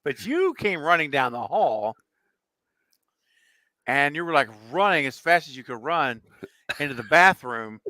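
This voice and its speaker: A man co-hosting a casual livestream chat, chiming in and reminiscing with animated energy. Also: on the high side, unhurried, long pauses, dry recording. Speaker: co-host.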